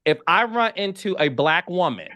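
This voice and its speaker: Animated male podcast host, crisp and dry. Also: high voice, normal speed, no echo, highs cut off. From American Midwest. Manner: animated, emphatic, repeats words when excited. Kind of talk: casual interview chat.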